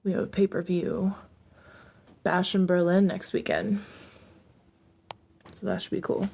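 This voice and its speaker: A woman's voice: on the low side, little pitch movement, a little slow, vocal fry, darkish tone. Giggly woman rambling in an echoey room. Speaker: streamer. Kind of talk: casual live-stream chat. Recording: echoey room with long reverb.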